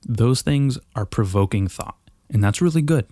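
A man's voice: mid-range voice, lively intonation, moderate pace, warm tone, no echo, studio quality. A man talking in a loose, profane, self-mocking monologue at his desk mic at home, a bit out of breath. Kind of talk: casual rambling monologue. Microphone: desk mic on a boom arm.

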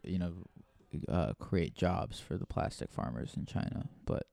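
A man as a podcast guest, chatting casually with sarcastic, deadpan rants. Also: deep voice, unhurried, vocal fry, dry recording.

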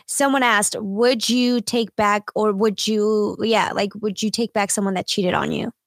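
A young adult woman co-hosting a casual livestream, reading viewer questions in a hesitant, soft-spoken way. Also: medium pitch, steady tone, unhurried, dry recording, studio quality.

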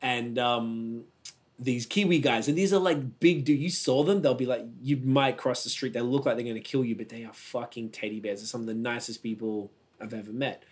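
A man's voice: mid-range voice, steady tone, brisk. Profane, rambling Australian man. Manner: rambling, profane, laughs easily. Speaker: podcast host. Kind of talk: casual chat, storytelling.

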